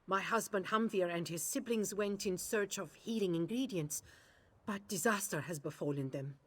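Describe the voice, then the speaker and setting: A woman's voice: mid-range voice, normal speed, close to an everyday voice. An actress voicing an anxious woman traveler in a video game, earnestly asking for help for her husband.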